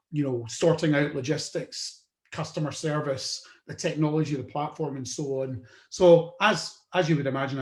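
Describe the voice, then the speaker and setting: Chatty British man with a roomy echo. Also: on the high side. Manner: conversational, with frequent "um" and restarts. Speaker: podcast host. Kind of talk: solo career storytelling.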